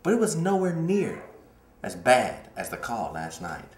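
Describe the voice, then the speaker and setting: Lively male morning show host. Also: mid-range voice, a little slow, roomy sound. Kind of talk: casual morning show chat.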